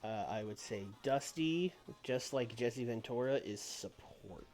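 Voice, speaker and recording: Rambling streamer with soft music behind. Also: male voice, medium pitch, lively intonation, a little slow. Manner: rambling, many fillers. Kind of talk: casual game commentary.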